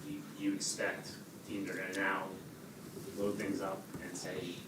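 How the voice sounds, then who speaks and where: A man, a reporter, asking a halting question at a press conference. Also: sits low, monotone. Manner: halting, restarts his question. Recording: distant voice in echoey room, loud noise.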